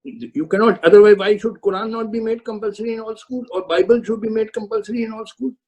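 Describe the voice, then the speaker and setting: Casting note: older retired judge, firm and lecturing, high voice with a dark husky tone. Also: male voice, quick pace, poor audio. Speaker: retired Supreme Court judge speaking to law students. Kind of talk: webinar answers to student questions. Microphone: video call.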